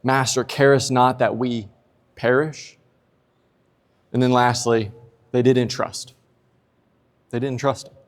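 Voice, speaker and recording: Speaking slowly in a level, mid-range voice and pausing often, a pastor preaches in a church sanctuary where the reverb lingers. He keeps it casual and funny, bringing quoted lines to life with energy.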